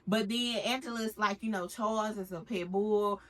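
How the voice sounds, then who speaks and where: Woman doing a chatty tv recap, bright voice, acts out everybody's lines. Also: medium pitch, moderate pace. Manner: animated, acts out the cast's lines with big swings in voice. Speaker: recap vlogger. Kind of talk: casual TV recap chat.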